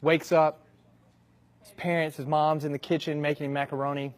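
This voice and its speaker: A man telling a long comic story in a relaxed, conversational way. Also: fairly high pitch, normal speed. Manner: relaxed, conversational with animated shifts. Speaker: comedic storyteller. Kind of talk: stand-up style joke narration.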